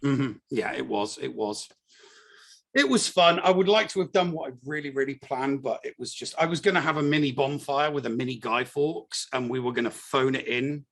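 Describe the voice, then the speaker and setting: An English man with a gravelly, creaky edge to his voice chats casually as a podcast co-host. He talks bluntly and with dry wit. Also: medium pitch, moderate pace, fairly bright tone. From England. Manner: blunt, dry, wry complaints. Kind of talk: casual chat.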